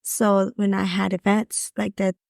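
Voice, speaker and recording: A woman's voice: mid-range voice, little pitch movement, measured pace, vocal fry, darkish tone, no room sound, studio quality. A woman who is a guest on a spiritual podcast, thinking aloud in a searching way as she talks. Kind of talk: casual spiritual conversation.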